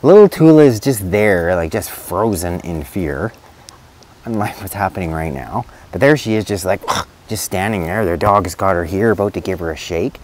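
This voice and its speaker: Middle-aged male vet, low voice, loose and chatty with many fillers and restarts. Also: lively intonation, moderate pace, a little mellow. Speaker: veterinarian. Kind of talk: casual spoken advice video.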